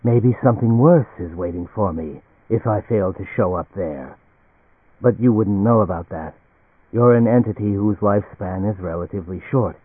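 A man voicing an ancient, weary male alien entity who speaks quietly and bitterly, with a mocking edge. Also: on the low side, normal speed, husky, dry recording. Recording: dry, tinny phone-like audio.

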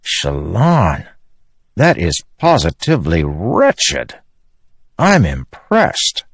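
Confident young nobleman, calm and assured, read by a male narrator, dry studio read. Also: low voice, very slow, creaky, slightly rough, no room sound, exaggerated voice.

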